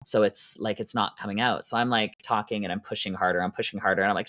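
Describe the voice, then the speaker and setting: A man's voice: lowish voice, fairly even intonation, fast talker, fairly bright tone, dry recording, studio quality. A man from Canada who performs in drag, guesting on a podcast and telling stories in a camp, theatrical way with self-mocking boasts. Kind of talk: casual podcast chat, storytelling.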